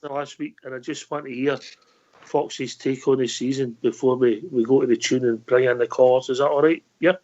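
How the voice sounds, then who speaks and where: A man with a Scottish accent hosting a fan call-in show, brisk and jokey as he leads the talk. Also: mid-range voice, fairly even intonation, darkish tone, lo-fi sound. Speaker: host. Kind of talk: casual call-in chat.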